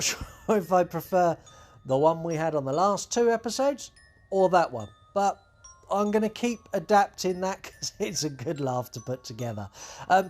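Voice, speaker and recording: A chatty man hosts his podcast, his voice pitched a little high for a man. He rambles along with plenty of ums and uhs, and soft music plays faintly behind him. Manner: chatty, rambling, many fillers. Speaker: podcast host. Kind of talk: casual podcast monologue.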